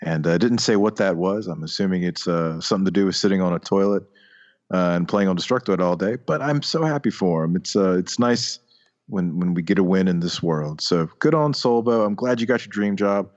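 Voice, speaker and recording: A man co-hosting a podcast in casual chat, hesitant and filling pauses. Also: sits low, darkish tone. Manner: hesitant, many fillers. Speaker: podcast co-host. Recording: dull lo-fi mic.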